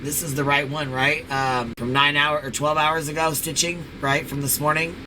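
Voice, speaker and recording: Excitable, swearing man co-host. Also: a little high, normal speed, background noise. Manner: excitable, swearing, laughing reactions. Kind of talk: live reaction stream chat.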